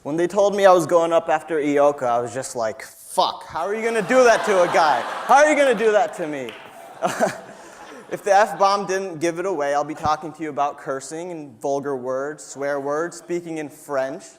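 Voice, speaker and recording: Punchy young man giving a stage talk. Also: fairly high pitch. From New York. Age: young adult. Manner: punchy, emphatic, playfully profane. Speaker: student speaker. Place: stage before a live audience.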